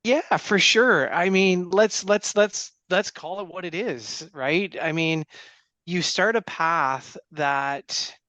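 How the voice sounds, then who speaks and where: A man's voice: high-pitched, slow pace, pushed and bright, no echo. A man interviewing a guest casually, enthusiastic and stumbling over his words. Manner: enthusiastic, stumbling restarts, laughs often.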